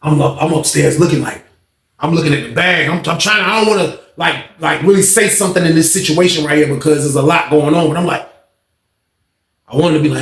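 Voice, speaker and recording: A man's voice: fairly high pitch, fairly quick, gravelly, a bit bright. A young man telling a story in casual, slangy talk, acting out the voices of others. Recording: roomy echo.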